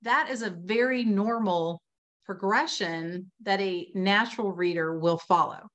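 Explaining reading instruction during a casual video-call webinar, a woman speaks at a measured pace in a medium-pitched voice, chatty and animated and leaning heavily on "you know" and "like."

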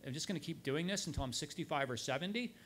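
Male guest speaker, slightly higher voice, anecdotal storyteller at a club event. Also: quick pace. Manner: anecdotal, quoting others in lively asides. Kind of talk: storytelling talk.

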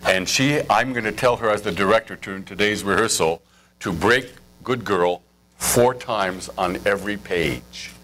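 A man's voice: fairly low pitch, normal speed, a bit bright, a little hiss or hum. A middle-aged man coaching actors at a live workshop, joking, laughing and firing off asides. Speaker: acting teacher. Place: workshop stage before audience.

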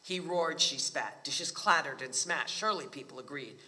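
Bright-voiced man reading fiction aloud. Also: a little high, lively intonation, moderate pace, in a large hall. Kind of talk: reading a novel aloud at a book talk. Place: library talk.

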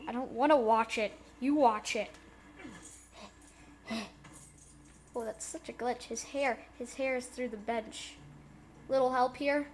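A high-voiced woman chats her way through a video game, giggling and calling out to the characters as she plays. She talks at an unhurried pace, and a faint hiss sits under the recording. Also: fairly even intonation, a little mellow. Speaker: let's play gamer. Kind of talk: casual gameplay commentary.

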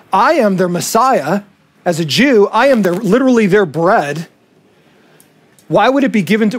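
A male pastor preaching a sermon, animated and acting out the voices he quotes. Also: high-pitched.

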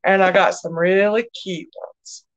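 A woman's voice: medium pitch, steady tone, a little slow, highs cut off, background noise. A middle-aged woman, hosting a live online sale in a chatty, folksy way and greeting viewers by name. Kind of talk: casual live-stream selling chat.

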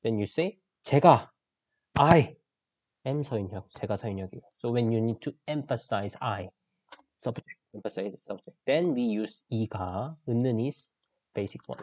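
A man's voice: fairly low pitch, racing, warm tone, no echo, lo-fi sound. A man with a Korean accent, a native Korean speaker, teaching an online language lesson and patiently repeating key phrases.

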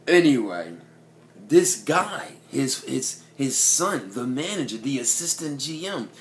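A man's voice: medium pitch, sing-song, slow pace, a little hiss or hum. A man telling a story to camera in a casual, profane, rambling way, often checking in with "you know what I mean".

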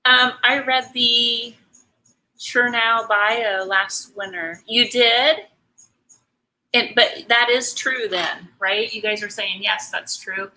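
Slow, bright-voiced chatty woman. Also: a little high, rough recording. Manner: chatty, rambling, answers viewer comments, many ums and restarts. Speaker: artist hosting a live painting stream. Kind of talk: casual chat while painting.

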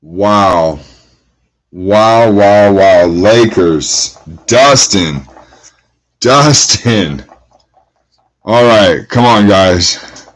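A man with a fairly low voice and an unhurried, drawn-out delivery hosts a trading card break. He calls out each card as he pulls it, and he gets excited over the good hits. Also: poor audio. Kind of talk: live card-breaking commentary.

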